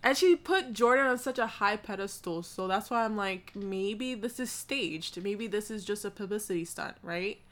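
A woman co-hosting a casual podcast, gossiping in a chatty, quick way and laughing often. Her voice sits at a middle pitch for a woman. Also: lively intonation, fairly bright tone. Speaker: podcast co-host. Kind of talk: casual chat.

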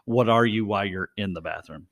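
A man's voice: lowish voice, fairly quick, a bit bright. A man hosting a casual podcast chat, asking questions and laughing often. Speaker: podcast host.

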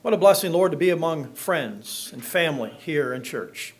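A man's voice: a little high, lively intonation, normal speed. A middle-aged man preaching in church, reading scripture and joking with the congregation in a folksy way. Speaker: pastor.

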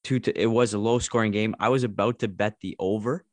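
A man from Canada hosts a casual sports podcast and moves the chat along with easy questions. His voice sits low, and it is captured close and dry. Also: fairly even intonation, fairly quick, no echo. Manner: easygoing, steers the talk with questions. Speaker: podcast host.

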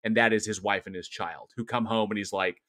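Bright-voiced, profane, rambling man. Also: fairly low pitch, a little fast. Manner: animated, profane, rambling with restarts. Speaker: podcast co-host. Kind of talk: casual film discussion.

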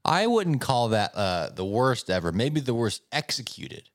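A man's voice: medium pitch, very animated, a little slow, no echo, clean studio sound. A man co-hosting a casual podcast, joking and teasing his co-hosts with playful interruptions. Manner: jokey, interrupts, teasing asides. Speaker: podcast co-host. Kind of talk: casual chat.

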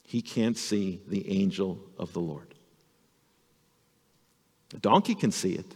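A male pastor telling a Bible story to children in an animated, storytelling sermon. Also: on the low side, slow pace, long pauses, breathy edge, long reverb tail.

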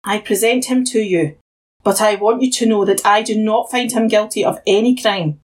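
A woman voicing Pilate, a stern and uneasy Roman governor, in a husky, questioning tone in a Bible story reading. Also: mid-range voice, fairly even intonation, normal speed, darkish tone, lightly acted. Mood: sharp questioning.

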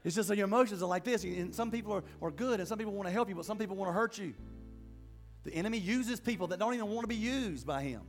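High-voiced impassioned male pastor preaching. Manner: impassioned preaching with repetitions and restarts. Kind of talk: sermon.

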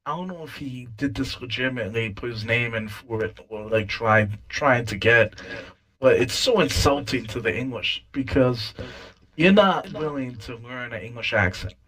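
A man in a casual podcast chat, speaking at a middling pitch. He argues his opinions emphatically and drops the odd curse word. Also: normal speed, sharp tone, rough recording.

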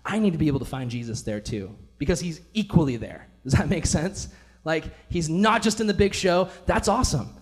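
A male pastor preaches in a loose, conversational way, full of enthusiasm and everyday filler words. His voice sits a bit higher than most men's, and he keeps the tone friendly and informal in a church. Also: expressive, brisk, soft background music. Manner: casual, enthusiastic, many fillers like "like". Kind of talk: casual sermon.

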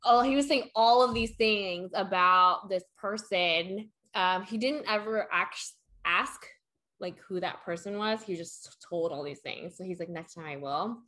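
Young woman, casual chat, rambling, quotes people, mid pitch. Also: unhurried, fairly bright tone. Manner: rambling, filler-heavy storytelling with acted quotes. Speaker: storyteller in a chat.

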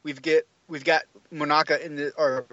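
A man co-hosts a casual podcast, chiming in with easygoing, dry jokes. His voice sits a little high. His audio comes through a dull, muffled home mic over a call, dry and close. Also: level tone, moderate pace, bright, forceful tone, dry recording. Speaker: podcast co-host. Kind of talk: casual chat.

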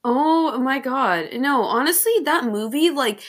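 A woman's voice: high voice, lively intonation, a little slow. A young woman in casual chat, talking loosely, laughing often and swearing. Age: young adult.

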